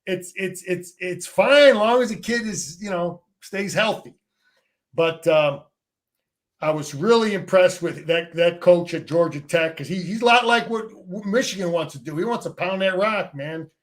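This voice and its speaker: Speaking at a moderate pace in a high voice, a middle-aged man who used to play and coach chats about football as a guest. His casual delivery is emphatic and a bit salty, full of repeated words whenever he starts a sentence over.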